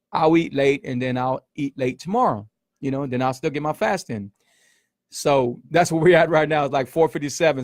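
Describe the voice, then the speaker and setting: Gravelly-voiced man chatting. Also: fairly high pitch, dry recording, clean studio sound. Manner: emphatic, repeats himself, says man and y'all often. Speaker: keto coach and show host. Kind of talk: casual livestream chat.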